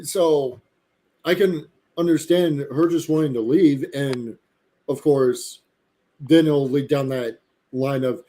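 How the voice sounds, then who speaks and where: A man co-hosting a casual live chat about a TV series, animated and prone to slipping into mocking voices. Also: medium pitch, slow. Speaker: podcast co-host.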